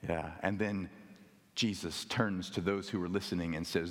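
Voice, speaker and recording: A male pastor preaching a sermon with dramatic pauses and wry humor. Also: deep voice, fairly even intonation. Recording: echoey hall.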